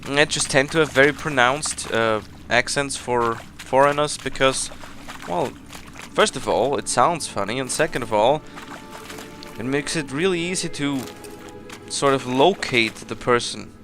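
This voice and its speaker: Male gameplay commentator, bright and a touch high, chatty and self-mocking, soft game music behind. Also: a little slow. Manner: chatty, rambling, laughs at himself. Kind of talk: casual let's play commentary.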